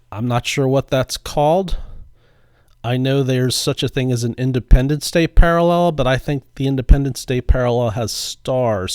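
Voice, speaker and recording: A middle-aged man giving a relaxed, chatty voice-over as he opens packs of baseball cards, often unsure how names are pronounced. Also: mid-range voice, no room sound, studio quality. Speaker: card-opening video host. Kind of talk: casual voice-over narration.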